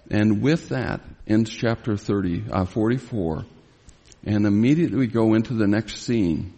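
A man teaching through a Bible passage as a sermon, emphatic and rising in pitch when he retells the drama of a scene. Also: moderate pace, mellow, breathy edge. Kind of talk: expository sermon. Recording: long reverb of a large hall.

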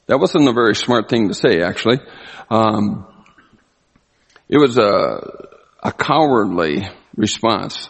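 A man preaching a sermon, animated, often acting out the people he quotes. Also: lowish voice, slow pace, gravelly, long pauses, husky. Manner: animated, acts out quoted voices. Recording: long hall reverb.

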